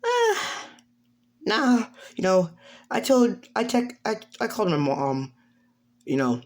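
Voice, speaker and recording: A man's voice: high voice, huge pitch swings, slow pace, voice pushed up, full character voice. A man voicing a bold, carefree teenage girl in a raised, bubbly voice with stumbling restarts. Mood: casual.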